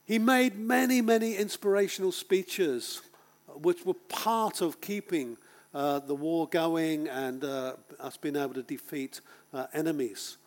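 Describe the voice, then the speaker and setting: A man preaching a sermon to a congregation, emphatic, with dramatic pauses and rhetorical questions. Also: fairly high pitch. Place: speaking to a congregation.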